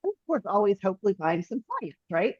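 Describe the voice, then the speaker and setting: A woman hosts a podcast, asking her guest questions in a friendly way and nodding along with short replies. Her voice has a mid pitch, and the recording is dull and dry with no room echo. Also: very animated, fast. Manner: friendly, affirming interjections. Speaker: podcast host. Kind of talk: interview questions.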